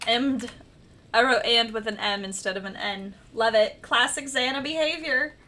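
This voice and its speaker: A woman's voice: a little high, pushed and bright, slight background noise. A young woman from the American Midwest with a slight Midwestern accent, chatting casually and rambling on a livestream while she edits her book. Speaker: author livestreaming her editing.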